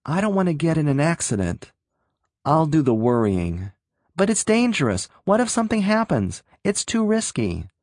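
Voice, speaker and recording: A man's voice: a little high, big pitch swings, normal speed, a little mellow, dry recording, clean studio sound, voice pushed up. A man voicing a shapeshifting creature disguised as a young hitchhiker, anxious and pleading in a raised voice. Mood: worried. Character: shapeshifting thing posing as a timid young hitchhiker.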